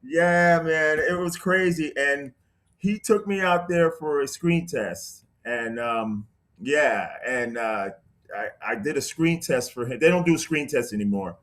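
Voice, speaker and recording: A man as a guest, telling a story in a casual, animated way, with many restarts. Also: a little high, unhurried.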